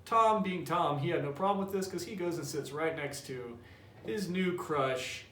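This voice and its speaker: A man's voice: a little high, moderate pace, fairly bright tone. A male teacher explaining the story and then reading a novel aloud to his class in a conversational manner. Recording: echoey room, distant mic, faint hiss.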